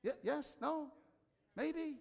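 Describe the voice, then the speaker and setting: High-voiced pastor in a reverberant hall. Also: male voice, slow pace, gravelly. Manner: conversational, questions the audience, acts out quotes. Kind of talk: sermon.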